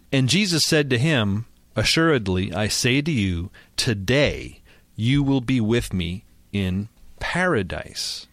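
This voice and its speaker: A man's voice: medium pitch, expressive, unhurried, fairly bright tone, no room sound. A man hosting a Bible discussion, reading verses aloud and asking leading questions. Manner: reads verses, then asks leading questions. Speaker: host.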